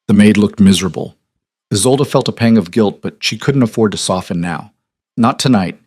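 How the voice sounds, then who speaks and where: A man narrating a historical romance audiobook in an even, measured storytelling manner. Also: on the low side, dry recording, clean studio sound.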